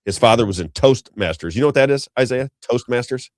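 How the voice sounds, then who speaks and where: A man's voice: medium pitch, expressive, brisk, darkish tone, dry recording, studio quality. A middle-aged man hosting an unscripted political commentary show, talking in a rambling, emphatic way that repeats points and keeps turning to his co-host. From Missouri, USA.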